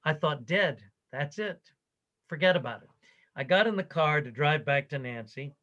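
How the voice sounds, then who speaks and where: Older guy telling stories in an interview, kinda high voice, lively, acts out the quotes. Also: moderate pace, lo-fi sound. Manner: animated anecdotal telling, quoting others. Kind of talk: storytelling in conversation.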